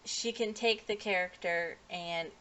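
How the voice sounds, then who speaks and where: A woman's voice: on the low side, a little slow, sharp tone, a little hiss or hum. Rambling woman recapping an anime episode. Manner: rambling, lots of fillers and restarts; acts out characters' lines in livelier voices. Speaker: anime reviewer.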